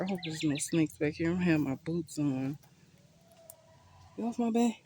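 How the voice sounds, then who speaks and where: A gardening vlogger chatting casually while walking through an outdoor backyard garden on a phone camera. They are a bit out of breath, laugh often and think out loud. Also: medium pitch, lively intonation, moderate pace, slight background noise. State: a bit winded. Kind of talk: casual vlog walk-through.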